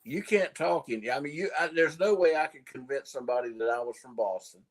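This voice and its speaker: A man's voice: on the high side, a little fast. A middle-aged man from South Georgia with a Southern accent, chatting in a folksy, easygoing way as a livestream guest. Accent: Southern American. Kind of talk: casual livestream chat.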